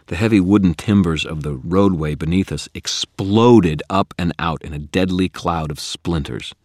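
Deep deep voiced guy reading an audiobook, dramatic but measured, dry close sound. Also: no echo. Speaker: audiobook narrator. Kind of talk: first-person scripted narration.

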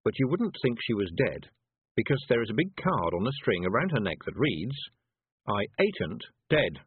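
A man narrating an audiobook in a measured, wry manner. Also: medium pitch, very animated, husky, no echo. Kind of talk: scripted narration. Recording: dry tinny phone-like audio.

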